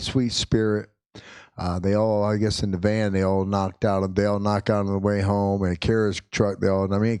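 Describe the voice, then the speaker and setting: A middle-aged man, a pastor, telling a funny family story from the pulpit, jumping into high excited yelps as he acts out what people said. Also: no room sound. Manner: animated, acts out quotes with sudden high-pitched yelps. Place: church sanctuary.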